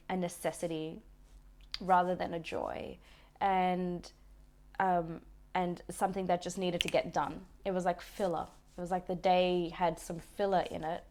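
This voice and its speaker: A woman vlogger telling a personal story in a gentle, reflective way, often restarting her sentences. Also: fairly low pitch. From Australia. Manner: reflective, gentle, with frequent restarts and soft laughs. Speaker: wellness vlogger.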